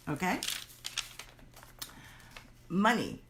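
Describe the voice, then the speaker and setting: Woman workshop teacher, chatty, animated, mid-pitched voice, roomy echo. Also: unhurried, noisy background. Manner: chatty, animated, acts out quoted inner voices.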